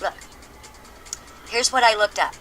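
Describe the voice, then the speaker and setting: A woman's voice: fairly high pitch, a little slow, fairly bright tone, slight background noise. An older woman delivering a brash, profane, sarcastic rant in a vlog aimed at a troll. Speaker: video creator answering a troll. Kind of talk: ranting vlog monologue.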